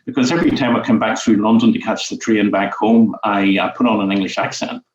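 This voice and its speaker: An older Northern Irish man talks through his memories at an unhurried, meandering pace, full of "you know"s and small chuckles. He sounds far from the mic, in an echoey room, with a muffled, lo-fi quality to the recording. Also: lowish voice, steady tone. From Northern Ireland. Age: 70s. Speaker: guest, former teacher and writer. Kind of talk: reflective conversational interview. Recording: distant, roomy, dull lo-fi sound.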